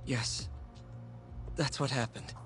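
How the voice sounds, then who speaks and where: A man's voice: mid-range voice, steady tone, slow, a bit bright, faint music behind. A man voicing an anxious young hospital worker accused of a crime in a video game, pleading and worried. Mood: tense. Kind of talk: game voice acting.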